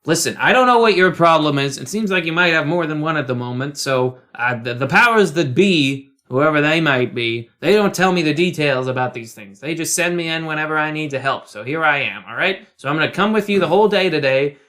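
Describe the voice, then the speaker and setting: A man voicing a sarcastic, laid-back male crow sent to help, in his own bright voice. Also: a little high, lively intonation, fairly quick, few pauses.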